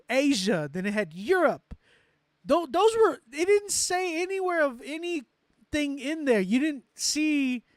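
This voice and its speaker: A man from Texas with a Texan accent, hosting a casual chat and telling animated, self-mocking stories. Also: very high voice, dry recording, clean studio sound. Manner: animated storytelling, loud excited outbursts, self-mocking laughs. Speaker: host. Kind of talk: casual chat with live chat readers.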